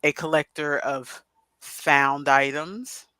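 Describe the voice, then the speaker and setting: Middle-aged woman co-host, bright dry voice, rambly chatty talker on a video call. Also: sits low, steady tone, slow, dry recording. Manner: rambling, chatty, many asides. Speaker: podcast co-host. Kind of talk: casual chat.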